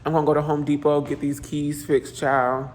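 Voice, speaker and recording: A man's voice: a little high, normal speed. Chatty man ranting in an echoey apartment. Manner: chatty, animated, with playful asides. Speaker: vlogger. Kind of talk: casual vlog rant. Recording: echoey room with faint ambience.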